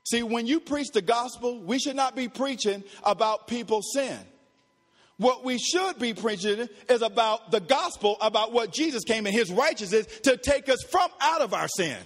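A pastor preaching a sermon emphatically, repeating phrases and swinging from quiet low asides to shouted peaks. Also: male voice, animated, normal speed, long reverb tail. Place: church.

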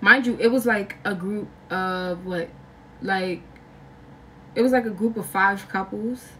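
A young woman vlogger telling a story in a casual, slangy, animated way, acting out other people's lines. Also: mid-range voice, measured pace, far from the mic, slight background noise. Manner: animated, slangy, acts out quotes with big jumps in voice.

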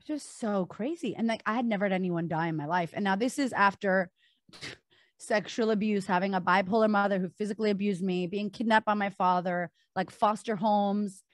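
A woman's voice: mid-range voice, moderate pace, no room sound. A woman guest on a podcast recounting a personal story candidly, with many filler words.

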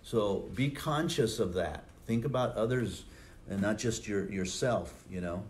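A man's voice: fairly low pitch, animated, unhurried. A middle-aged male pastor preaching a sermon in a conversational, anecdotal way, chuckling often.

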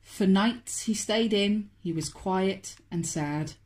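A woman, a children's author, reading a picture book aloud to toddlers in a slow, expressive, sing-song way. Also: medium pitch. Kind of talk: storybook read-aloud for toddlers.

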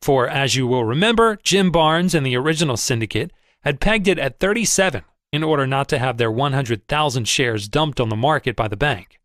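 Male narrator for a first-person audiobook, expressive and measured, lively pitch, dry booth sound. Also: no echo.

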